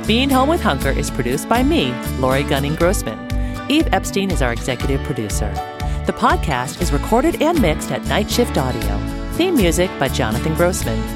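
A woman hosting a podcast interview, talking in an effusive, friendly way and laughing often. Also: deep voice. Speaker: podcast host.

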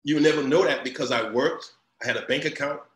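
A middle-aged man talks in a fairly high voice, repeating words as he builds up steam. His story grows louder and more animated as it goes. The room around him rings with a roomy echo. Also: fast talker, a little hiss or hum. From Louisiana. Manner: animated, repeats himself, rising into loud storytelling. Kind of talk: casual conversation.

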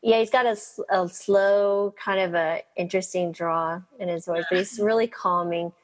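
A woman's voice: on the low side, fairly even intonation, moderate pace. A woman interviewing a guest in casual talk, asking eager questions.

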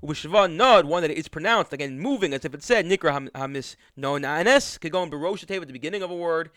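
A man's voice: a little high, fast, a bit bright, no echo, clean studio sound. A man teaching a religious text, reading lines aloud and then explaining them in an easygoing way with frequent restarts. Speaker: Torah teacher. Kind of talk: text study lesson.

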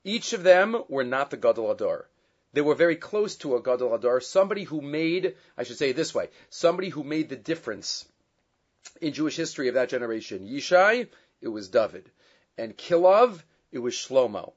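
A man teaching a Torah lesson, reading Hebrew and Aramaic texts and translating them, with many fillers and lively stretches when he retells a story. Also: medium pitch, fairly quick. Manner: grows loud and animated when retelling the story. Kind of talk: Torah class lecture. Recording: dull lo-fi sound.

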